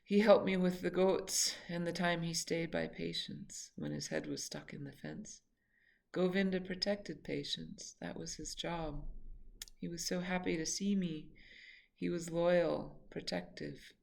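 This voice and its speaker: A woman reading her own memoir aloud in a reflective, halting way, sometimes correcting herself mid-sentence. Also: fairly low pitch, big pitch swings, gravelly, a little mellow.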